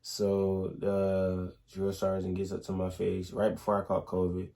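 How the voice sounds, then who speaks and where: A young man, casually telling animated stories in a couple's Q&A, full of slang and restarts. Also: deep voice, unhurried. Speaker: soldier in the Army, husband.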